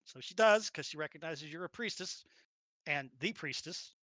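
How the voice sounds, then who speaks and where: A man's voice: fairly high pitch, lively intonation, normal speed, a bit bright, dry recording. A man running a tabletop role-playing game as game master, narrating the action animatedly, laughing often and acting out little sounds.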